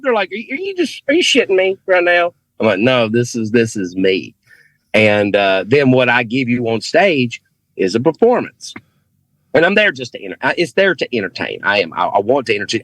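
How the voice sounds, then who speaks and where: A man's voice: fairly low pitch, no room sound. Southern man with a thick drawl. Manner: earnest, emphatic, repeats himself for stress. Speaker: guest, rock and metal singer. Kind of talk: casual conversation on a video call. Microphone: video call.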